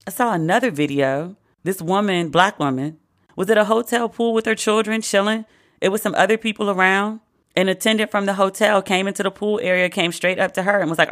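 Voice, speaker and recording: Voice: mid-range voice, fairly quick. Host for comedic talk; blunt, swearing, sarcastic riffs in a mid-range voice. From United States. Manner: profane, sarcastic, with animated asides. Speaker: podcast host. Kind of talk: casual comedic commentary.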